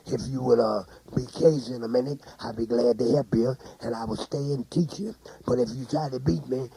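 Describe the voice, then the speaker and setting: A man's voice: medium pitch, vocal fry, dark tone, slightly rough, no room sound, rough recording. A man singing and rambling, boasting and laughing at his own jokes on a homemade record. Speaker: amateur singer and joke teller. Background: guitar music.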